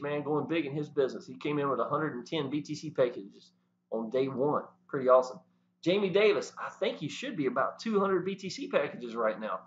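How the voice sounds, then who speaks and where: A man talking to the camera, animated and preachy, often saying "y'all". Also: mid-range voice, a little hiss or hum. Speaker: network marketing promoter. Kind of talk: casual talk to camera. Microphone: camera mic. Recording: dull lo-fi sound.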